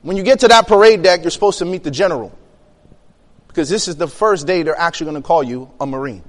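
A young man telling a personal story in an animated way, acting out the quotes and laughing between lines. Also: sits high, long reverb tail. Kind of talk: storytelling talk.

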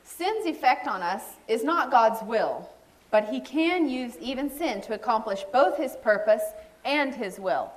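Middle-aged woman preacher with a slightly high voice, animated and storytelling, acting out quotes mid-sermon. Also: unhurried.

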